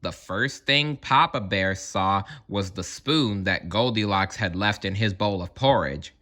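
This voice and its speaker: A man's voice: on the low side, a little slow, sharp tone. A man narrating a children's read-aloud story, playful and talking straight to the listener. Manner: playful, addresses listener directly.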